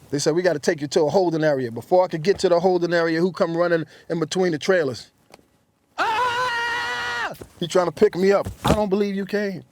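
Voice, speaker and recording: A middle-aged man, a rapper telling stories in an interview and acting out what others said. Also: on the high side. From New York. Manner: acts out quotes in lively voices. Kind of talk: animated storytelling.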